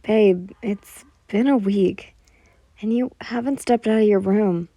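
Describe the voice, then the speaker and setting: A woman's voice: mid-range voice, slow, warm tone, dry recording. A woman voicing a possessive teenage boyfriend coaxing his partner out of her room.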